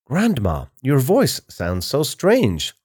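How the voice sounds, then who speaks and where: A man voicing an innocent, curious little girl in a storybook, in a high, wide-eyed voice. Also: huge pitch swings, slow, darkish tone, slightly rough, heavily acted. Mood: puzzled.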